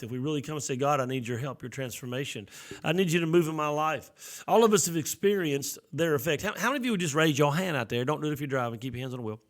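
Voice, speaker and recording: A middle-aged man, a pastor, preaching a live-streamed sermon in a conversational way, often repeating and restarting phrases as he speaks to viewers online. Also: mid-range voice.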